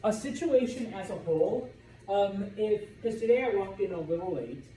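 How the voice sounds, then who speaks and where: A man's voice: sits high, normal speed, distant mic, slight background noise. Man teaching Spanish in echoey classroom. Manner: lively, repeats "okay?" to check understanding. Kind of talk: classroom lecture.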